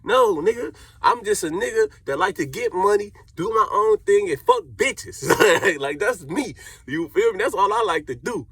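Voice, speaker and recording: Speaking at normal speed with few pauses, a young Cleveland man relates a story in street slang, animatedly performing what others said. His voice sits high and is slightly rough.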